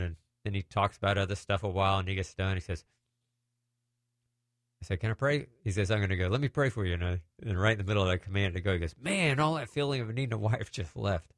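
A middle-aged man telling lively deliverance stories in a casual way, acting out the voices of the people he quotes. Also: fairly low pitch, fast talker, no echo, clean studio sound. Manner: animated, acts out quoted voices. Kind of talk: casual storytelling testimony.

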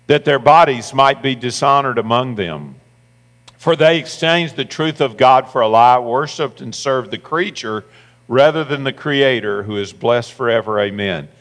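A man's voice: mid-range voice, a bit bright. A man preaching a sermon as pastor, reading scripture aloud and driving points home by repeating phrases. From United States. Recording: long hall reverb with mains hum.

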